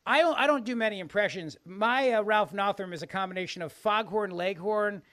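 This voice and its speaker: A male radio host with a high, bright voice, sarcastic and always joking. He chats loosely with his co-hosts. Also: brisk, no room sound. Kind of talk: comedic radio talk.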